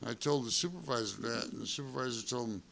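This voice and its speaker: A man's voice: medium pitch, fast talker, vocal fry, slight background noise. A middle-aged man, a former wrestler, telling road stories in casual, profane chat and acting out what people said. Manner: profane, animated storyteller acting out quotes. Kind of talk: casual storytelling.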